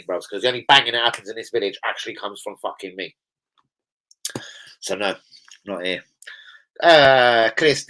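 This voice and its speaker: A man's voice: fairly low pitch, bright, forceful tone, rough recording. Sweary London man chatting live. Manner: slangy and sweary, rambling anecdotes. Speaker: football fan live streamer. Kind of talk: casual live-stream chat. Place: indoors at home in a village.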